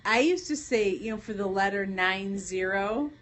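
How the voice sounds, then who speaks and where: A woman's voice: medium pitch, normal speed, a bit bright. A woman co-hosting a late-night livestream, chatting casually and playfully and laughing often. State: pregnant. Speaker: livestream co-host.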